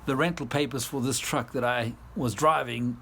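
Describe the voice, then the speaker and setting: A man's voice: mid-range voice, fairly even intonation, moderate pace, gravelly, a bit bright, a little hiss or hum. A South African-born man vlogging outdoors, chatting casually and laughing often as he tells a tired, rambling story. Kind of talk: casual vlog chat. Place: outdoors, garden and yard.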